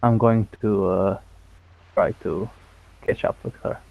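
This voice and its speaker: A man's voice: on the low side, steady tone, takes it slowly, creaky, narrow, tinny audio. A man playing a tabletop game who speaks hesitantly, with many fillers. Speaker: player.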